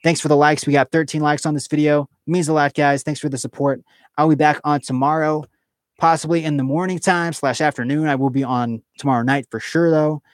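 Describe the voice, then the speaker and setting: A man's voice: a little high, fairly even intonation, brisk, dry recording, clean studio sound. A man hosting a casual live stream, reading out viewer comments and chatting in a rambling way, full of fillers and restarts.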